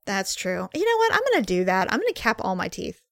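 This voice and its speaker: A woman co-hosting a casual podcast, telling a lively, chatty travel story with frequent laughs. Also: mid-range voice, quick pace, vocal fry, dry recording, studio quality.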